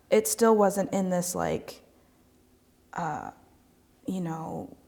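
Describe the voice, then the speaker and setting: A woman in a casual church conversation, talking in an animated, chatty way with many fillers like "like" and "you know.". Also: fairly low pitch, drawn-out words.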